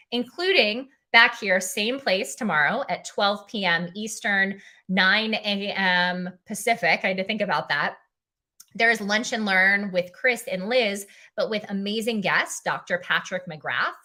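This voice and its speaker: Tired emotional young woman on a livestream, lowish voice but bright and forceful, lots of ums. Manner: heartfelt, says "um" often, reads viewer comments aloud. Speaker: livestream host, filling in. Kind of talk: casual livestream chat.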